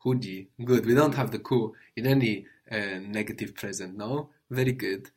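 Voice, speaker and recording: A man's voice: lowish voice, normal speed, husky. Patient man teaching a language lesson. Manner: patient, prompting questions, gentle corrections.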